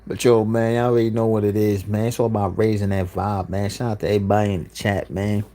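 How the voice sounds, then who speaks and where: A man's voice: on the low side, flat delivery, fast talker, dark tone. A man hosting a livestream, delivering an insistent, repetitive monologue with frequent "you know what I'm saying.". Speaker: livestream host.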